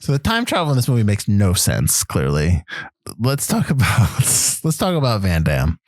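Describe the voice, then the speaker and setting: A man co-hosting a casual movie podcast, talking in an animated, mocking way and laughing often. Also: fairly low pitch, moderate pace, dry recording. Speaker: podcast co-host.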